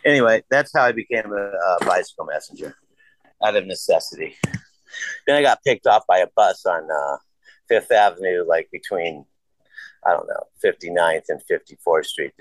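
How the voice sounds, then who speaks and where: A man's voice: low-pitched, expressive, normal speed, no room sound, rough recording. A man casually telling rambling, profane stories and acting out the dialogue. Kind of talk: casual conversation.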